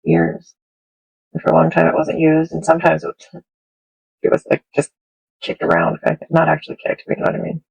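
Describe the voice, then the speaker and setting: A middle-aged woman chatting casually and rambling while she crafts at home, with soft laughs. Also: low voice, completely flat delivery, a little fast, creaky, pauses often, breathy edge, lo-fi sound. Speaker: craft video host. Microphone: smartphone.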